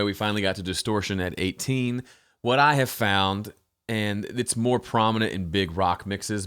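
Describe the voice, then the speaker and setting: A man's voice: lowish voice, fairly bright tone. A man hosting a home studio mixing tutorial, talking casually with frequent fillers and restarts. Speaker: host.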